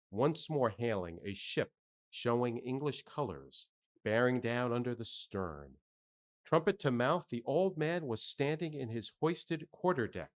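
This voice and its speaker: A man reading a classic novel aloud at a public readathon, measured and expressive. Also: medium pitch. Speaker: volunteer reader.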